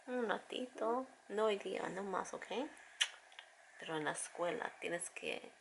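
A woman's voice: mid-range voice, normal speed, creaky, a little hiss or hum. A young woman filming a home vlog, talking to her small children in a playful, doting way. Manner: playful, doting baby talk. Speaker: family vlogger, mother. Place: family home, indoors.

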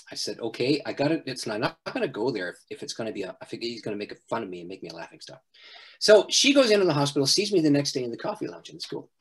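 A middle-aged man, a pastor, telling a personal story in an interview, animated and often laughing. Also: mid-range voice, slightly rough. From Canada.

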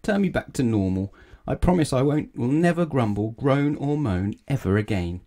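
A man voicing a grouchy grown man in a storybook reading, gruff and full of complaints. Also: sits low, unhurried, darkish tone. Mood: pleading. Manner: gruff, grumbling. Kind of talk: storybook read-aloud.

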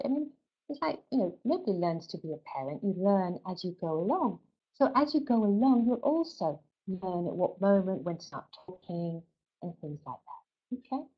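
A woman's voice: fairly low pitch, slightly rough, muffled recording. A middle-aged woman speaking at a webinar in a chatty, conversational way, often asking "right?" and "you know". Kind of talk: warm conversational talk.

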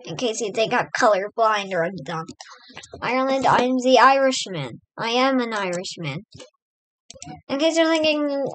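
A woman's voice: fairly high pitch, expressive, moderate pace, a bit bright, slight background noise, rough recording. An American woman hosting a let's play, giving casual, rambling gameplay commentary and chatting to her in-game pets. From United States.

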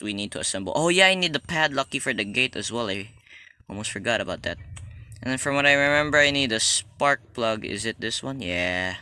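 A young man narrating his gameplay in a very bright, crisp voice. His pitch swings widely as he jokes, apologizes and panics. Casual, excitable let's play commentary recorded at home. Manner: jokey, excitable, talks to the game character. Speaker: gaming YouTuber.

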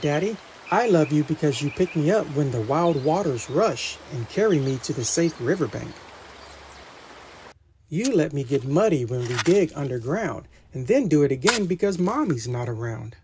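Man gently reading a picture book. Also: fairly high pitch, sing-song, moderate pace, slight background noise. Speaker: father reading to his son. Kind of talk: children's picture book read-aloud.

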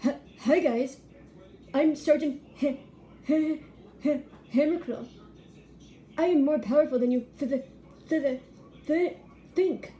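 Cartoon boy impression: stuttering, upbeat, high and slow-spoken, done by a woman. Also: warm tone. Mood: eager. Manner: heavy stutter on first sounds.

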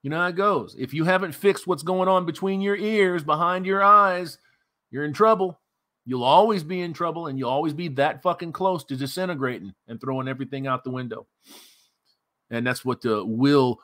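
A man's voice: on the high side, moderate pace, bright, forceful tone. A man hosting a commentary channel, mocking a news story in a sarcastic, profane rant.

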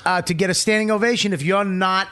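A man's voice: high-pitched, steady tone, fast talker, pushed and bright. Blunt, swearing male podcast host. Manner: blunt, profane, teasing. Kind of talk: casual podcast chat.

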